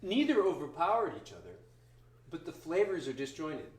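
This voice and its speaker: A man's voice: on the high side, wildly swooping pitch, normal speed. Man explaining pairings in echoey cellar. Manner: thoughtful, explains food and wine pairing. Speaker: winery founder. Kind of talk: casual wine tasting chat. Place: wine cellar. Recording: roomy, distant mic, faint noise.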